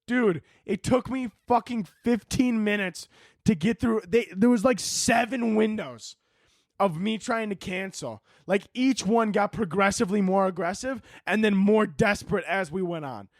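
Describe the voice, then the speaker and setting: A young man hosts a solo podcast in an animated, profanity-laced rant. His voice sits high for a man, and the recording is dry and close with no room echo. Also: unhurried. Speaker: podcast host.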